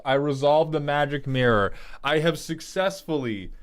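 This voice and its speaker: A man streaming live as a reviewer of viewers' card game decks, talking casually and profanely with loud outbursts. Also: on the high side, brisk, few pauses, smooth. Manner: animated, profane, breaks into loud outbursts and laughter. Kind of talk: casual livestream commentary.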